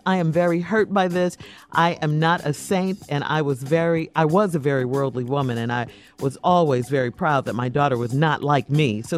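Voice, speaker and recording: A radio co-host reading a listener's letter aloud, earnest and emphatic. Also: mid-range voice.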